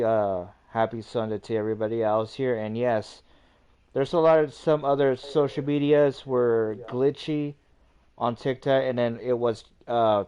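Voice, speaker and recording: Guy ranting on his livestream, mellow voice, repeats himself a lot, swears. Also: mid-range voice, smooth. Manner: rambling, repetitive, swears often. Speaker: livestream host. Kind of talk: casual livestream rant.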